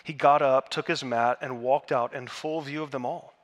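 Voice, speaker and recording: A man preaching a sermon in a church, earnest, building to emphatic peaks and dropping to hushed tones. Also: medium pitch, steady tone, moderate pace, lo-fi sound. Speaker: pastor. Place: church sanctuary.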